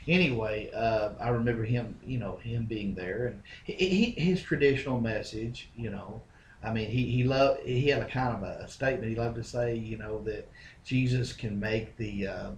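A man co-hosting a casual church podcast, a lively storyteller who chuckles as he recounts memories. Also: mid-range voice, normal speed, slight background noise. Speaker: podcast co-host.

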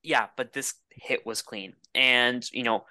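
A man's voice: medium pitch, fairly even intonation, a little slow, pushed and bright, no room sound. A man co-hosting a hockey podcast in casual chat, emphatic and full of "like" and "dude". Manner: emphatic, filler-heavy, says "dude" and "like". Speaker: podcast co-host.

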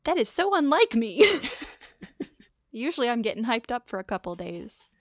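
A woman's voice: on the high side, big pitch swings, measured pace, fairly bright tone, no echo, clean studio sound. A woman co-hosting a podcast in casual chat, bubbly and talkative, swearing casually. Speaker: podcast co-host.

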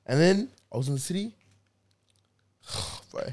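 A young man telling a story in casual chat with friends, animated and laughing, full of slang. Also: fairly high pitch, a little slow.

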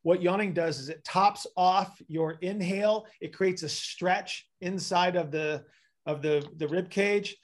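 A man with a somewhat high voice explains breathing in an easy, patient way. He acts out the sighs he describes as he goes. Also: unhurried. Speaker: breathing expert. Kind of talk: casual advice conversation.

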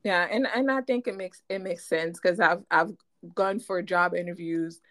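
A woman's voice: on the low side, moderate pace, a bit bright. A woman with a Haitian French accent, hosting a podcast in casual chat and telling stories with playful expression.

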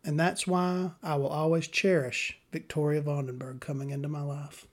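A man's voice: fairly high pitch, flat delivery, moderate pace. A man, hosting a podcast in a rambling, profane, sardonic monologue. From Southern US. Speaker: podcast host.

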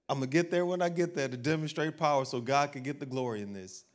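Conversational preacher with a lively delivery. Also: male voice, a little high, quick pace, few pauses. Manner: conversational preacher, asking the crowd questions and acting out everyday voices. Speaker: pastor. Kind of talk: sermon.

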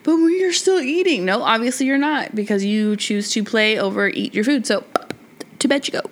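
A woman co-hosting a casual podcast chat, blunt and quick to swear, getting worked up fast. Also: fairly high pitch, animated, background noise. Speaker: podcast co-host.

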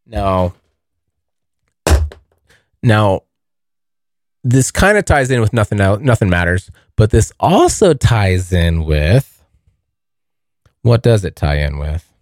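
A man's voice: lowish voice, very animated, slow, pauses often, darkish tone, dry recording. A young man hosting his own podcast, telling a long story in a rambling, casual way, swearing often and calling listeners dude. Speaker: podcast host.

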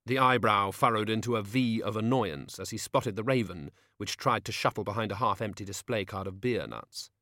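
Man, audiobook narration, expressive, measured, dry recording. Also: on the low side, no room sound.

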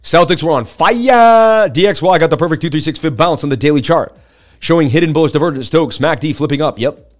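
A man hosting a live market-analysis stream, talking in a chatty, excitable way and turning to his viewers to answer chat between chart readings. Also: a little high, fast, soft background music. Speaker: livestream host.

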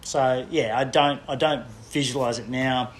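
A man being interviewed as a guest coach, talking reflectively and haltingly. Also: mid-range voice, fairly even intonation, slight background noise. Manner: reflective, hesitant with restarts and "you know". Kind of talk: casual chat.

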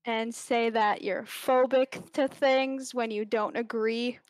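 Bright-voiced woman, earnest and agreeable. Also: fairly high pitch, steady tone, slow pace. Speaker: podcast co-host. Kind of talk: casual podcast chat.

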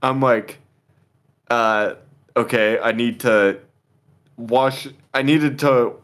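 A man's voice: medium pitch, fairly even intonation, slow pace, fairly bright tone, clear, resonant tone. Laid-back young man telling a story. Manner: laid-back, swears a lot, laughs often. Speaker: podcast co-host telling a story. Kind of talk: casual storytelling chat.

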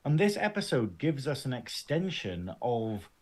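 A man co-hosting a casual podcast, excitable and sweary, tripping over his own restarts. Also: mid-range voice, measured pace. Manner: animated, stumbling restarts, sweary. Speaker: podcast co-host.

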